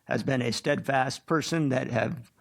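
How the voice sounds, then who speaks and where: A man's voice: mid-range voice, a little slow, vocal fry. A man who leads a city department, giving a sincere, plain-spoken tribute at a city council meeting.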